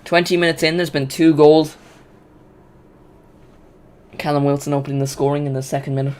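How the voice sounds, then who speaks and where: Male streamer, slightly high voice, excitable live football watch-along commentary, rambling. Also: a little fast. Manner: excitable, chatty, rambling with restarts.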